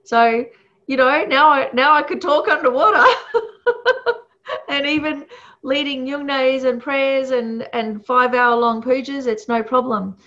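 A woman teaches in a loose, conversational way, with frequent laughs and many fillers. Her voice sits a touch high. The recording sounds dull and lo-fi. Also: steady tone, unhurried, fairly bright tone. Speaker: Buddhist teacher. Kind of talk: casual teaching talk. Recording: muffled lo-fi recording.

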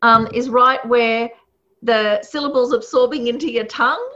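A woman's voice: fairly high pitch, normal speed, bright, forceful tone. A woman teaching a class in a chatty, casual way, laughing often and using many fillers. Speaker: Buddhist teacher. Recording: muffled lo-fi recording.

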